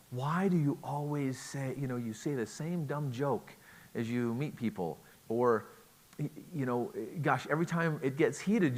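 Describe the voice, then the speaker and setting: A middle-aged man giving a relationship talk at a conference, chatty and joking, asking the audience questions. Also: medium pitch. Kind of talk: lecture to a live audience.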